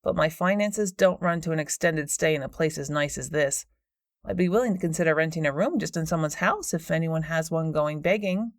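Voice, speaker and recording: A woman's voice: deep voice, brisk, dry recording, pitched below the performer's own voice. A woman narrator voicing a smug, pushy female paranormal investigator with a smarmy, know-it-all manner, in a dry, close recording. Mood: confiding.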